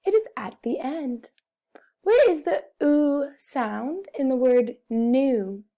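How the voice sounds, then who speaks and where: Slow, mellow-voiced woman teaching phonics. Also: sits high, lively intonation. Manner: over-enunciates words and repeats them, speaks to children. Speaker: first-grade teacher. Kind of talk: slow, deliberate phonics lesson for young children.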